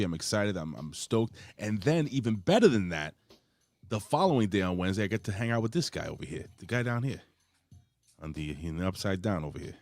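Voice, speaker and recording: A man's voice: deep voice, darkish tone, dry recording. A man hosting a casual wrestling podcast, talking in a boisterous, hype-man way with plenty of swearing. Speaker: podcast host.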